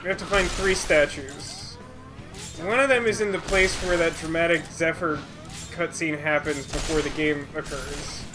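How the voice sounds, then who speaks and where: A man joking sarcastically while commenting on a video game with friends. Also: on the high side. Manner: joking, sarcastic, quick to laugh. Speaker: let's play co-commentator. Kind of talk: casual gaming chat. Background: game music.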